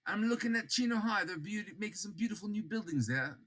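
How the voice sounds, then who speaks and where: An older man teaching a French grammar lesson, slowly repeating example words and dropping in joking asides. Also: sits high, animated. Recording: loud background noise.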